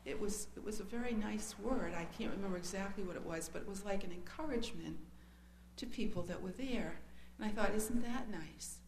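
A woman's voice: mid-range voice, a little fast, darkish tone. A woman giving an earnest, hesitant, emotional account of her faith to a church gathering. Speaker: speaker sharing a testimony. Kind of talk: personal testimony storytelling. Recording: echoey room with faint hum.

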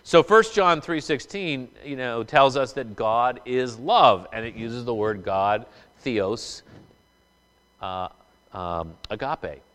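A man's voice: mid-range voice, lively intonation, slow, fairly bright tone. A man who was a pastor for many years, giving a sermon in a conversational way, with many fillers and restarts. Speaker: former pastor, college representative. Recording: hall reverb.

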